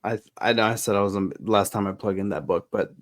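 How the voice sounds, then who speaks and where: Hesitant man recapping scenes, lowish voice. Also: fairly even intonation, fast talker, no room sound, clean studio sound. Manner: hesitant, many fillers and restarts while recapping. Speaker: guest. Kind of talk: casual review discussion.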